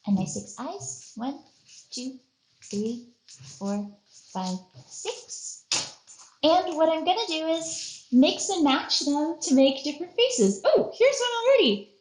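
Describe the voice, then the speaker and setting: A bright-voiced woman leads a children's art lesson in a roomy, echoing space. She plays along with every face she shows, acting out little voices as she goes. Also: high-pitched, sing-song, takes it slowly, long pauses. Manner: playful, acts out faces and voices. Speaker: museum educator.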